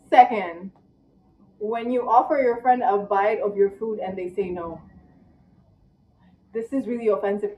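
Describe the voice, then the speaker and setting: A tired young woman vlogging casually in one take, chatty and dramatic, with squeaky rhetorical questions. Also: lively intonation, normal speed, long pauses. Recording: echoey room, distant, dull mic.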